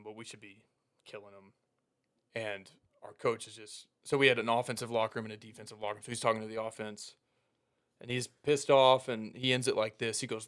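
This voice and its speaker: Man, young adult, casual storytelling, animated, laughs at punchlines, imitates coaches, podcast co-host. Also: lowish voice.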